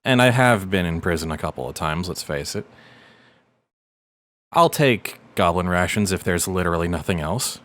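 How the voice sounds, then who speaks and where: A man's voice: sits low, expressive, moderate pace, a bit bright, a little hiss or hum. A man playing a tabletop game, speaking in a dry, matter-of-fact way. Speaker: player. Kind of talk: casual tabletop play.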